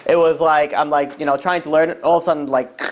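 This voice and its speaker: A rabbi telling a story in a casual, chatty lecture. He is animated, acts out the characters' lines, and throws in asides to his listeners. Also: on the high side, quick pace, slight background noise.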